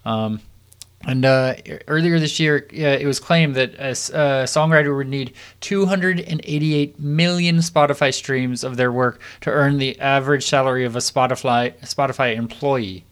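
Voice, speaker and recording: A man's voice: medium pitch, moderate pace, fairly bright tone, clear, resonant tone. A man hosting a music podcast, reading music news stories aloud with frequent "uh" and restarts. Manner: reads stories with hesitant fillers. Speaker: podcast host. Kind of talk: casual chat and reading news.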